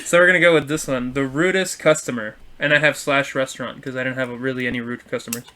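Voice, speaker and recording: A young man co-hosting a podcast, telling a story in a loose, animated way, swearing and acting out what people said. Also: mid-range voice, fast. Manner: animated, swearing, acts out quotes. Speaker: podcast co-host. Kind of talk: casual storytelling chat.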